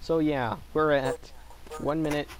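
A man's voice: fairly high pitch, steady tone, a little slow, rough recording. A man on a casual comedy podcast, teasing the others in a blunt, crude way. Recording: noticeable background hiss.

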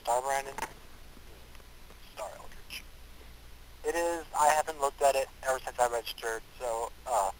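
A man's voice: mid-range voice, moderate pace, long pauses, slight background noise, rough recording. A man joining a casual online chat as a guest, teasing and joking.

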